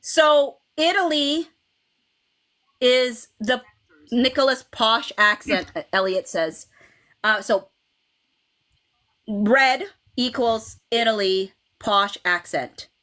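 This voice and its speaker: Lively, high-voiced woman hosting a fan chat. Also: slow pace, long pauses. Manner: animated, laughs often, many restarts and okays. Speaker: livestream host.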